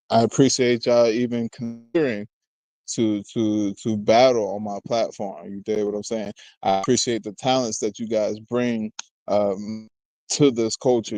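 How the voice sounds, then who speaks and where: In casual commentary, this battle rap host rambles on, laughs between remarks, trades jokes with chat, and keeps asking "you know what I mean." His mid-range voice has a darkish tone. The low-quality recording is dry and echo-free.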